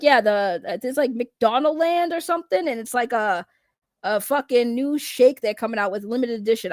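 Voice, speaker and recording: A woman with a Boston accent hosting a casual livestream, loud and laughing, swearing as she talks to her chat. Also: sits high, no echo, studio quality. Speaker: livestream host.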